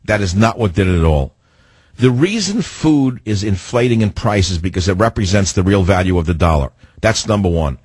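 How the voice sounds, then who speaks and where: Ranting husky-voiced radio host man. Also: deep voice, animated, moderate pace, darkish tone, no echo. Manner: indignant, ranting opinions. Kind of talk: call-in radio talk and monologue.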